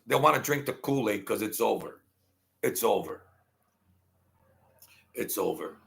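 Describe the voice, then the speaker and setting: A middle-aged man with a gravelly voice, ranting angrily and profanely in a rambling political monologue. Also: mid-range voice. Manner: angry, profane, rambling rant with sudden loud outbursts. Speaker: political commentary vlogger.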